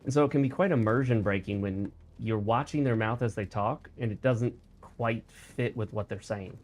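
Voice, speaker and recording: A man's voice: lowish voice, normal speed, darkish tone. A man talking casually while he streams a video game, explaining mechanics and sharing opinions as he plays. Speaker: gaming streamer. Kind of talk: casual let's-play commentary.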